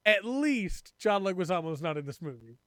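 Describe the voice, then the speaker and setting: Guy with a pretty high voice, jokey wry podcast cohost, dry sound. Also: very animated, normal speed, a bit bright, no room sound. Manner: joking, wry. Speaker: podcast co-host. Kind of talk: casual chat.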